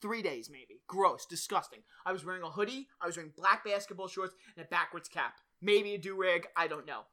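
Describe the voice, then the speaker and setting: A man's voice: sits high, a little fast, pushed and bright. A man hosting a podcast in casual chat, rambling, swearing and often laughing. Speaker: podcast host.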